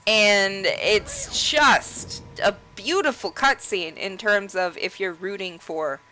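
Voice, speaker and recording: A woman's voice: medium pitch, slow pace, sharp tone, slight background noise, low-quality recording. A woman gaming creator casually ranting and laughing over gameplay, rambling and swearing freely.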